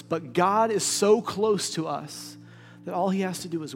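High-voiced male pastor in a reverberant hall. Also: measured pace, gravelly. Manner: lively storytelling, plays out quoted voices; drops to a hush for key points. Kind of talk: sermon. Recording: reverberant hall with faint music.

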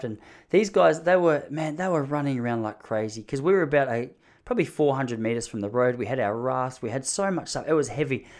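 A man in his thirties telling a story casually and with animation. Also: mid-range voice. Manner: animated, mimics the people in his stories. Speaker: vlogger.

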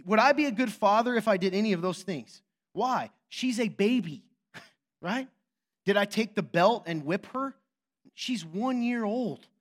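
A pastor in his thirties preaches a sermon, telling a story in an expressive, high-pitched voice at a measured pace, swinging between hushed and loud delivery.

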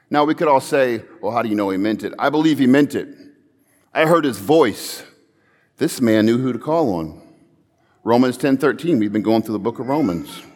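A man's voice: mid-range voice, in a large hall. A man preaching a sermon, telling a story earnestly and building to emphatic calls.

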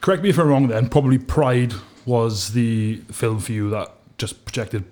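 A man of middling pitch hosts a relaxed podcast interview. He asks questions in a chatty, teasing way and laughs often with his guest. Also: normal speed. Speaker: podcast host.

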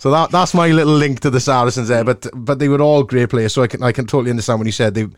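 Welsh guy telling a cheeky story, middle pitch, dry close sound. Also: rapid-fire, no echo. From Wales. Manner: cheeky, animated anecdote telling. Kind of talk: casual storytelling chat.

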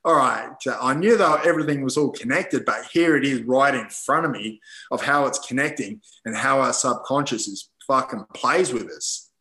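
Bright-voiced man telling stories, swearing freely. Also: medium pitch, normal speed, reverberant, rough recording. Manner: rambling, swears freely, many fillers like "you know"; acts out his own past thoughts. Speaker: podcast guest. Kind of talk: casual storytelling in conversation.

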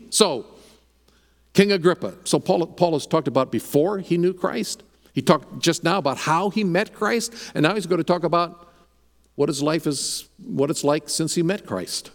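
A man's voice: on the high side, normal speed, gravelly, long reverb tail. A man preaching a sermon as pastor, emphatic, repeating words as he builds his points.

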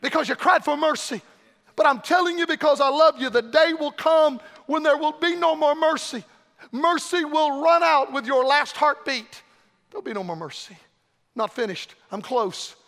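A man preaching an impassioned revival sermon, swinging from shouted pleas to low, hushed warnings. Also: moderate pace, gravelly, long reverb tail.

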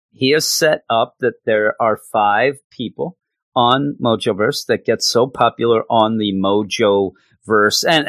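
A man's voice: on the low side, a bit bright, no room sound. A man reviewing a comic book in a casual, sarcastic, exasperated way, often acting out the characters.

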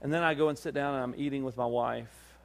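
Man, pastor, sermon delivery; animated storyteller who acts out dialogue; mid-range voice. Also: medium pitch, fast, vocal fry. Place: church service.

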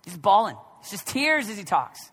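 A man in his thirties preaching a sermon, dropping to a near whisper and then rising to shouts. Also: high voice, very animated, moderate pace, slightly rough. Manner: swings from hushed, near-whispered reflection to loud, shouted exhortation. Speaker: pastor. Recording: long reverb of a large hall.

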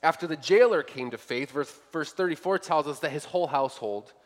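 A man's voice: fairly high pitch, brisk. A man preaching a sermon as pastor, earnestly asking his listeners questions. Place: church sanctuary. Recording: long hall reverb.

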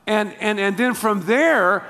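A man preaching a sermon, telling the story in a lively, slangy way. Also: sits high, slow pace, big-room sound. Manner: animated storytelling with slangy asides. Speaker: pastor.

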